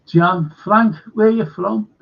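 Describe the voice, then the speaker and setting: Gravelly, husky man chatting. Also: high-pitched, slow, muffled recording. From Liverpool. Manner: rambling, chatty, jokey asides. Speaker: host. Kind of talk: live fan chat show, reading chat questions.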